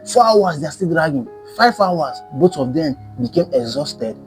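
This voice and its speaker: A man tells an animal folktale with lively emphasis and repetition, his voice on the higher side. A guitar plays faintly behind him. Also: moderate pace. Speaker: storyteller. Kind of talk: folktale storytelling.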